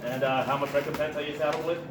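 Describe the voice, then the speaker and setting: A man's voice: a little high, steady tone, fast talker, recorded from a distance. A man acting in a playful live comic Shakespeare parody, laughing between his lines. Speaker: amateur stage actor. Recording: roomy hall recorded from afar, noisy.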